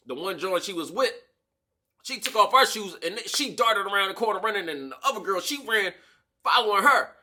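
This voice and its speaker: Slangy, animated male storytime vlogger. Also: high voice, brisk, slight background noise. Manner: animated, slangy, acts out the voices of people in his stories. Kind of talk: casual storytime. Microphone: camera-mounted shotgun mic.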